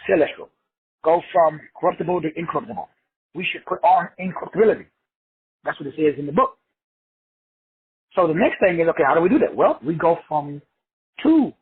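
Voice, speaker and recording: A man's voice: on the high side, husky. A man from Texas teaching a group on an online call in an emphatic, preachy way, repetitive, slangy and profane. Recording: phone-like lo-fi audio.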